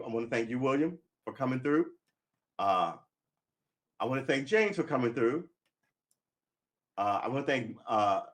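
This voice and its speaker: A man's voice: mid-range voice, a bit bright. A man chatting casually on a live stream, rambling and making wry jokes.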